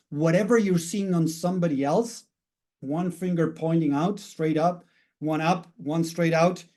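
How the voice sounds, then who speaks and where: A man's voice: fairly high pitch, a little mellow. A man coaching viewers in a casual, rambling self-help talk, often checking in with "right?" and "you know". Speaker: mindset coach.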